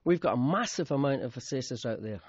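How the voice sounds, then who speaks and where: A middle-aged man with a Scottish accent answers questions in an easygoing, halting way and chuckles along. He sits at an average pitch. The sound is a dull, dry radio studio feed. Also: lively intonation, breathy edge, no room sound. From Scotland, Highlands. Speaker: guest, accommodation ratings manager. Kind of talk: radio interview.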